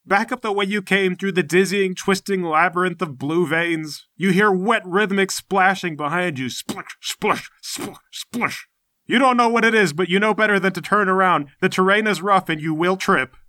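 A man narrating a tabletop game as game master, lively and full of spoken sound effects. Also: sits high, normal speed, few pauses, no room sound, clean studio sound.

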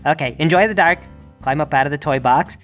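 A woman's voice: low voice, brisk, faint music behind. A woman playing in a tabletop game, talking playfully and coaxingly. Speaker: player. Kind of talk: tabletop role-play.

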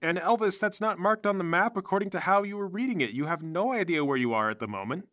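A man narrates as game master of a tabletop role-playing game, with a bright, slightly high voice. He lays out the scene in a steady, descriptive way, and the sound is dry and close. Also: fast talker, no room sound.

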